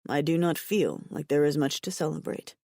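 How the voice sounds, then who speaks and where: Narrator doing a mild-mannered alien barbarian man, low and even, warm, dry read. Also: moderate pace, no room sound. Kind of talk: audiobook character voice.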